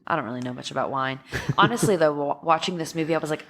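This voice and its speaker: Low-voiced woman with a stuffy nose. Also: fast. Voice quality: nasal. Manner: rambling, with many fillers and restarts. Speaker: podcast co-host. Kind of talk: casual chat.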